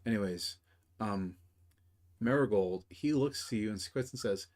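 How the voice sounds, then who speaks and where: A man's voice: lowish voice, measured pace, darkish tone. A man running a tabletop game as game master, narrating casually with swearing and lots of fillers. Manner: casual and profane, with many fillers.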